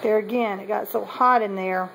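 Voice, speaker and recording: A woman's voice: medium pitch, steady tone, normal speed, gravelly, a bit bright, slight background noise, low-quality recording. A woman, talking casually in a meandering way with many ums and self-corrections as she shows her pottery. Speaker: potter showing kiln results. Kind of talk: casual show-and-tell vlog.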